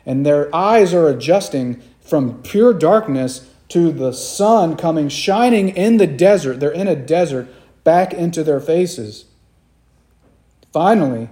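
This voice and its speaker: A man's voice: on the high side, warm tone. A man preaching a sermon, retelling a scene dramatically and repeating key phrases for emphasis.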